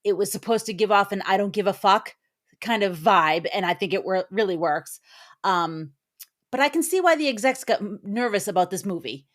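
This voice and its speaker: Lady on a movie podcast going over the plot, ums and likes, regular pitch. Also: lively intonation, a little fast. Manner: recaps plot, then shares opinions with fillers. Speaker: podcast co-host. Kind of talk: casual movie review chat.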